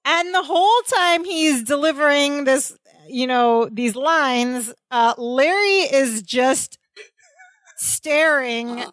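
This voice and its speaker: A woman's voice: high voice, slow, fairly bright tone, no room sound. A woman co-hosting a podcast, casually retelling a sitcom episode scene by scene. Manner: chatty, retells scenes with quoted lines. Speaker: podcast co-host.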